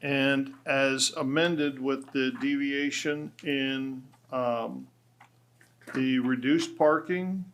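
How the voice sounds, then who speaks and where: A man serving as a county commissioner, making a formal motion in a public meeting, pausing often with ums and uhs. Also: mid-range voice, fairly even intonation, fairly bright tone. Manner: hesitant, many ums. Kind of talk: meeting motion, halting with fillers.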